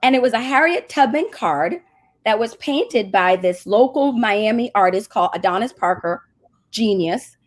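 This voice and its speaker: A woman's voice: mid-range voice, moderate pace. A woman, a marketing agency CEO, telling a story as a guest in a casual interview and acting out the voices she quotes. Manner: animated, acts out quoted voices.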